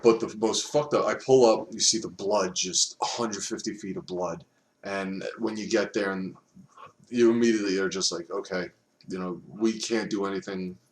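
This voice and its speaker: A man's voice: sits low, fairly even intonation, moderate pace, a little hiss or hum. A man casually recounting grim work stories on a podcast, blunt and profane. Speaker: podcast host, former officer. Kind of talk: casual storytelling chat.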